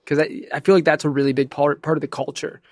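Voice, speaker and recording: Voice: mid-range voice, level tone, quick pace, darkish tone, dry recording. A podcast host with a Midwestern American accent, asking questions in an easygoing, laughing manner. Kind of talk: casual interview chat.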